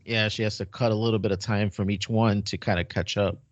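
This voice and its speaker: A man co-hosts a podcast in casual chat, asking easygoing follow-up questions in a lowish voice. The sound is dry, with no room echo, and dull, lo-fi audio. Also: flat delivery, brisk. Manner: asks follow-up questions in an easy, chatty way. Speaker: podcast co-host.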